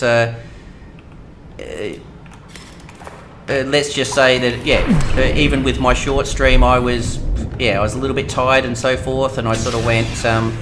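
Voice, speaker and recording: A middle-aged Australian man hosting a game live stream, chatting casually with viewers and pausing often with ums. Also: mid-range voice, noisy background. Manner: hesitant, many ums, reads chat aloud.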